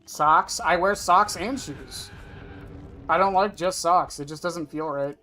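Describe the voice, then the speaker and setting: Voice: medium pitch, takes it slowly, sharp tone, faint music behind. A game streamer at a desk chatting casually with viewers, rambling and offhand, answering chat questions and swearing now and then. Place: at a desk indoors.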